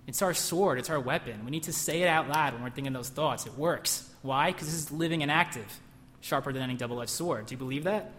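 In a church hall with long reverb, a man preaches a sermon in a brisk, mid-range, slightly bright voice, with a little hiss or hum in the recording. He's emphatic, putting questions to the room and acting out whispered lies.

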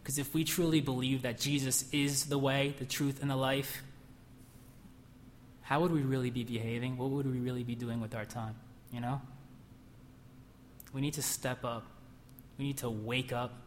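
A man's voice: medium pitch, level tone, normal speed, pauses often, a little hiss or hum. Emphatic male preacher in a reverberant hall. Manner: emphatic, call-and-response questions, acts out whispered lies. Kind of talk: sermon. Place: church hall.

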